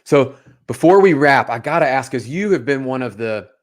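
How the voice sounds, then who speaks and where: A man's voice: medium pitch, lively intonation, moderate pace. A man hosting a casual interview show, enthusiastic and affirming toward his guest. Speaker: host.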